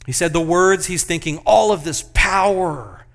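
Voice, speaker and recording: A man preaching a sermon, moving between loud, emphatic passages and hushed, slow ones. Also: high voice. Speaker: pastor.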